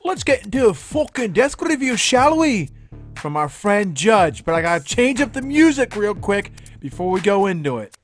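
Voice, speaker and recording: A man's voice: high voice, sing-song, moderate pace, soft background music. A man hosting a comedic news show, delivering crude jokes in a sarcastic, mock-serious way. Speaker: host.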